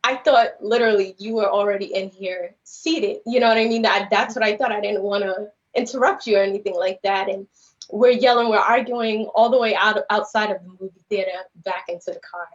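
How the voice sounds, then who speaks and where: Fairly quick and steady, this woman's mid-range voice carries a rambling personal story she tells earnestly as a guest on a podcast, full of "you know" and "like." The audio is a slightly dull lo-fi livestream.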